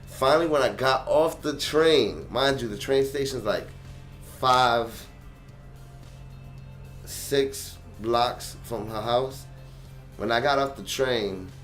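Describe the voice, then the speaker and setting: A young man talks to his vlog viewers in a low-pitched voice. His storytelling is animated and full of slang, and he acts out his own reactions. Faint music plays behind him. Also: measured pace. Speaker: channel host.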